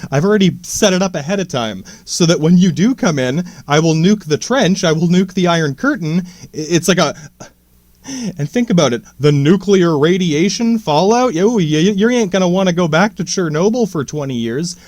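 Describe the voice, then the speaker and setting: High-voiced man in a profane ramble. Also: animated, normal speed, darkish tone, no room sound. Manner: profane, stammering restarts, slangy. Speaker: podcaster. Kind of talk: casual rambling monologue.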